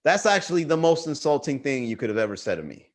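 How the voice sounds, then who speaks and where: Animated young man riffing comedy. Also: a little high, fast. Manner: animated, swearing, laughs at his own jokes. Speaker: comedian hosting a livestream. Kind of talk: casual stand-up riffing to a chat. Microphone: webcam livestream.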